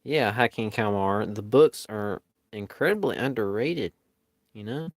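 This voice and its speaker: A live-stream artist with a fairly low voice chats casually with viewers while drawing, speaking in an unhurried, easygoing manner that often rambles. The recording is dry, with almost no room echo.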